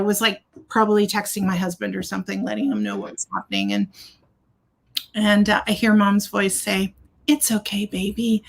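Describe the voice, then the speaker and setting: A middle-aged woman doula telling a birth story in casual chat, acting out the voices of the people in it. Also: medium pitch. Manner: animated storyteller, acts out quoted voices.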